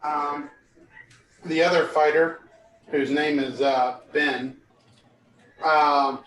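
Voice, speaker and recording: A man playing a tabletop game talks slowly and hesitantly, full of fillers. He sits away from the mic, and his voice sounds roomy and distant. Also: fairly high pitch, flat delivery, fairly bright tone. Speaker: player. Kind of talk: casual game talk.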